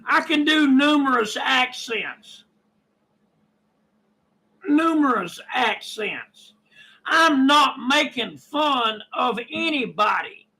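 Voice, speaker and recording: A man with a Kentucky country accent vents in a casual vlog, sounding indignant and defensive. His voice sits unusually high and has a bright, forceful edge. He drags his words out slowly. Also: low-quality recording. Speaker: YouTuber.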